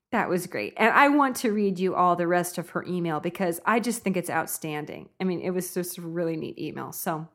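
A woman's voice: lowish voice, expressive, a little fast, few pauses, fairly bright tone. A young woman hosting her own podcast in a bubbly, giggly way, laughing often as she talks. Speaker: podcast host. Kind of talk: upbeat solo podcast talk.

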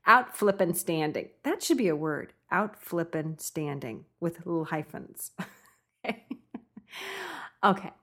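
A young woman hosting her own podcast in a bubbly, giggly way, laughing often as she talks. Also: lowish voice. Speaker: podcast host. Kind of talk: upbeat solo podcast talk.

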